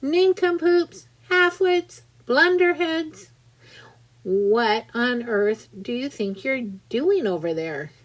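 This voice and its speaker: Woman reader as a cocky, loud centipede, mocking, storybook. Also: fairly high pitch, expressive, slow, hardly any pauses. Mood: yelling. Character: brash boastful rude male centipede. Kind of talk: storybook reading.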